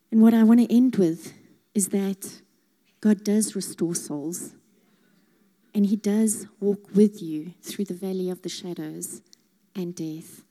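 Deep-toned woman, earnest testimony. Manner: earnest and heartfelt, with soft hushed emphases. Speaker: speaker sharing her testimony. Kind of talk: personal faith testimony.

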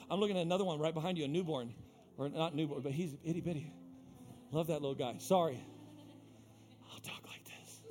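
In a church sanctuary, a male pastor with a high voice preaches a live sermon, addressing members of the congregation by name. His delivery is impassioned and repetitive, hammering his key lines and swinging from hushed passages to loud ones.

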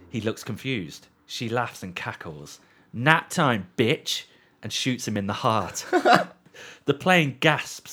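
A man in a casual podcast chat, telling a long story with swearing and deadpan readings. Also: lowish voice.

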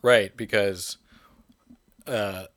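A man in a casual film discussion, relaxed and agreeable with some casual swearing. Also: on the low side, drawn-out words, no echo.

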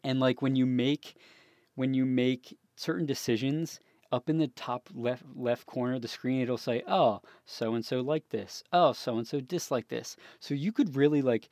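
A man's voice: mid-range voice, unhurried, darkish tone, no room sound, clean studio sound. A young man co-hosting a gaming podcast, talking casually and rambling, often laughing and restarting his sentences. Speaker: podcast co-host. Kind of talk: casual chat.

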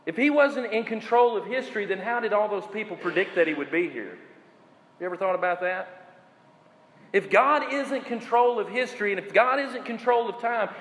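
Male pastor, higher voice, emphatic sermon delivery, long hall reverb. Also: expressive, fairly bright tone. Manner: preaching with slow emphatic phrases and questions to the congregation.

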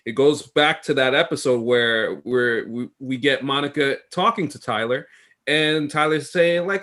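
A man's voice: medium pitch, measured pace, a bit bright. A man co-hosting a podcast in casual chat, thinking aloud as he goes. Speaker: podcast co-host.

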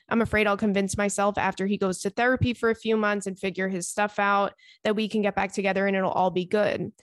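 A woman host speaks close to a dry, unechoing microphone. Her voice sits at an ordinary mid pitch. She reads a listener's letter aloud and then answers it in an earnest, chatty way, with plenty of fillers along the way. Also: no echo. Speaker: podcast host giving advice.

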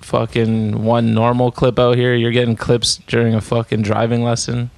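A man's voice: mid-range voice, completely flat delivery, normal speed, vocal fry, heavy background noise. A man hosting a podcast, chatting in a laid-back way and swearing casually. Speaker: podcast host. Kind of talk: casual chat.

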